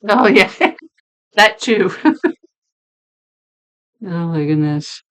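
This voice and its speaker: Female streamer, casual chat with chat; low, clear voice gone deep and hoarse from illness. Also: animated, very slow. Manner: chatty, laughing, talks to chat by name. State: losing her voice, deep sick voice.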